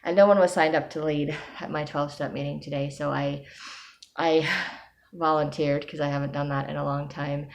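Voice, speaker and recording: A woman with a low-pitched voice talks in a personal vlog diary. She speaks softly and hesitantly, with many pauses and ums. She breaks into small laughs often as she goes. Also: flat delivery, gravelly. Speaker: personal video diarist.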